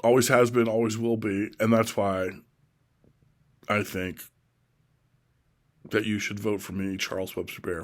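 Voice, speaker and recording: A middle-aged man from Oregon giving a slow, deliberate, repetitive solo monologue about his political views. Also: fairly low pitch, flat delivery. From Oregon, USA. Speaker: self-styled presidential candidate.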